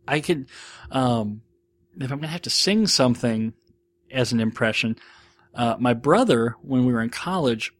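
A man hosting a podcast, talking through listener questions in a loose, rambling monologue. He is quick to poke fun at himself, and his voice sits in an ordinary middle pitch. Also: a bit bright. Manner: rambling, self-deprecating. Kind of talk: casual monologue.

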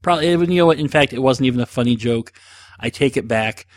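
A man talks casually in a rambling, self-mocking way, dropping frequent fillers as he answers listener questions. His voice sits at an ordinary middle pitch. The sound is dry and close, with no room around it. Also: quick pace, dry recording. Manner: rambling, self-deprecating, jokey, with many fillers. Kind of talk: casual solo talk.

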